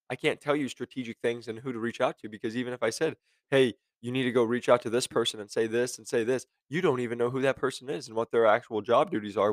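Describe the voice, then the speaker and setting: A podcast host delivers a casual monologue to his listeners, ranting bluntly and sarcastically. His voice is mid-range and the recording has no echo.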